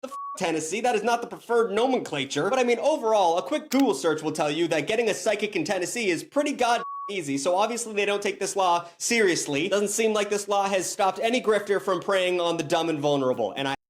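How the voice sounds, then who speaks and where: Fast-talking, sarcastic man with a high voice. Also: animated. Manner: sarcastic, blunt, joking asides. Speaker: video creator. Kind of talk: scripted comedic narration.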